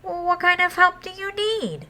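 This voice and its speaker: A woman's voice: extremely high pitch, lively intonation, moderate pace, sharp tone, soft background music, pitched above the performer's own voice, heavily acted. A woman voicing a tall, thin man with a nasal voice who is polite but picky.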